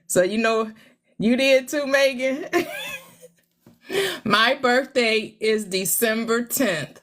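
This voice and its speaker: A woman in her forties hosting a casual livestream, laughing often as she answers viewer comments and tries out halting schoolbook French. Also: a little high, fairly bright tone. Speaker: livestream host. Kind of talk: casual live chat reading viewer comments.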